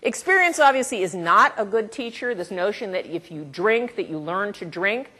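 A woman researcher presenting a talk to an audience, conversational rather than read. Her voice sits mid-pitch and rises and falls a lot. She throws in asides and light chuckles. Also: expressive, moderate pace, sharp tone. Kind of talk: academic lecture to an audience.

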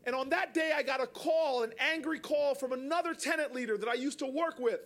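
Man, public speaker, lively storytelling, raised voice at times, high pitch. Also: fairly quick. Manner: animated, bursts into raised voice, repeats words. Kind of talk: storytelling speech to an audience.

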